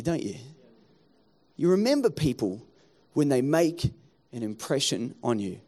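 Male pastor, higher voice, animated sermon delivery. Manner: animated preaching, acts out townspeople in quotes.

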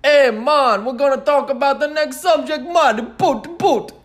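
A man voicing an excitable man with a silly put-on accent, high and exaggerated, stammering over and over. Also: measured pace. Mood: hyped.

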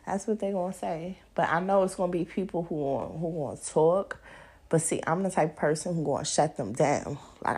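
Female podcast host, blunt and profane, animated storyteller; husky, lower voice. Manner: blunt and profane, laughing often. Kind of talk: casual monologue.

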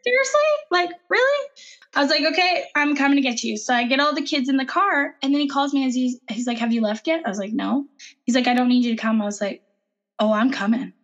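A woman in her thirties, a podcast co-host, telling a hectic family story in casual chat with lively acted-out quotes. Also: high voice, fast talker, highs cut off. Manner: animated, breathless retelling with acted-out quotes.

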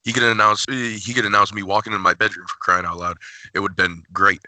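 A man's voice: lowish voice, flat delivery, fairly quick, sharp tone, no room sound. A man on a podcast speaking casually and emphatically about his favorites. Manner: emphatic, enthusiastic.

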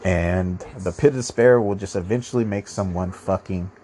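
A deep, mellow, somewhat nasal male voice carries this rambling podcast monologue at a moderate pace. The host swears a lot and often starts his sentences again.

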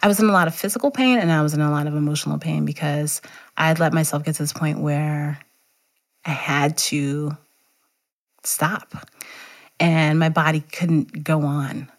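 A woman's voice: low voice, fairly even intonation, normal speed. A middle-aged woman, a teacher and runner, candidly telling a personal story in conversation and laughing often.

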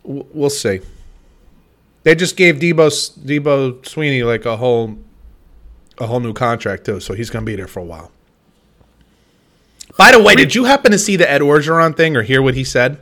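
A man co-hosting a casual sports podcast, talking in a relaxed, rambling way with frequent restarts and hedges. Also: medium pitch, normal speed, long pauses.

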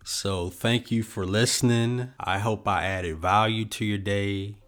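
A man's voice: fairly low pitch, fairly even intonation, measured pace. A man hosting a solo book-review podcast, talking in an earnest, reflective way with lots of "you know" fillers.

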